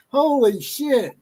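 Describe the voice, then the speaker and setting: A man's voice: extremely high pitch, mellow, slight background noise, low-quality recording. A man hosting a casual sports talk stream, teasing and trash-talking with a laugh. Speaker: show host.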